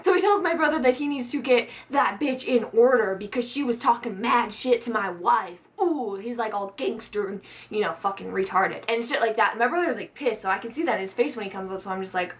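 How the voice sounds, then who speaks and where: A woman's voice: fairly high pitch, quick pace, hardly any pauses, fairly bright tone. A young woman vlogger telling a story in a casual, profane rant, laughing often.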